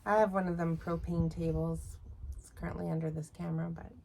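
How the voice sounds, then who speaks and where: A woman's voice: on the low side, a little fast, gravelly. A middle-aged Canadian woman co-hosting a knitting podcast, chatting casually with wry, grumbling humor. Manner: wry, grumbling, animated storytelling. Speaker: podcast co-host. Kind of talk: casual chat. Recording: faint background noise.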